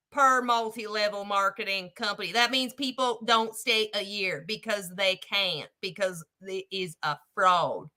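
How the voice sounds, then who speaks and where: A woman's voice: sits high, pushed and bright, pitched above the performer's own voice, exaggerated voice. Woman mocking a crusty old prospector man. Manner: mocking drawl, calls people son and partner.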